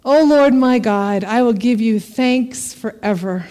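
Female preacher, high voice, expressive scripture reading, parent. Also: a little slow. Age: adult parent. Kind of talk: sermon.

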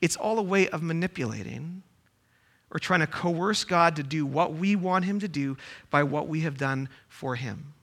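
A man's voice: fairly high pitch, moderate pace, fairly bright tone. A man preaching a sermon, reading scripture aloud and then explaining it with rhetorical questions. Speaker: pastor.

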